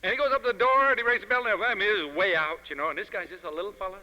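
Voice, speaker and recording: A man with a high, piercing, very bright voice delivers a fiery lecture in an emphatic, preacherly style. The old 1971 recording carries the long reverb of a big hall. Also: rapid-fire, highs cut off. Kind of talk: impassioned political lecture.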